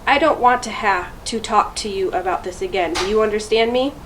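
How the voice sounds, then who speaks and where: A woman's voice: medium pitch, brisk, background noise, close to an everyday voice. A woman reading aloud as a tired father firmly lecturing his son in a storybook. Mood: stern. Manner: firm, serious lecturing. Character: stern tired father of a boy.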